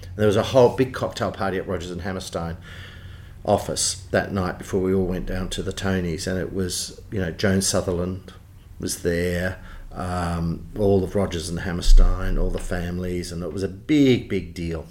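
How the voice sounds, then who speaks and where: A man with an Australian accent, a theatre producer telling lively backstage anecdotes in an interview. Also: deep voice, moderate pace, a little hiss or hum. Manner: animated storyteller, does voices in quotes.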